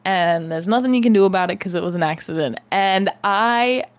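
A young woman with a mid-pitched voice tells stories in a chatty way on a podcast, acting out her own reactions and often laughing. The sound is close and dry, with no room echo. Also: brisk. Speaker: podcast co-host. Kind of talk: casual chat.

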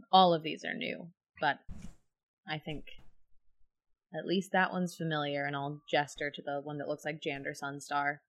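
A woman's voice: low voice, flat delivery, measured pace, long pauses. A woman playing a tabletop role-playing game, speaking thoughtfully and asking questions. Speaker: player.

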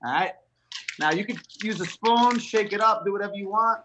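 Rambly guy hosting, bit high pitched, repeats himself, laughs a lot. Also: fairly quick, noisy background. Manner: rambling, repetitive, laughs easily. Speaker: host. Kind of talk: casual cocktail demo chat.

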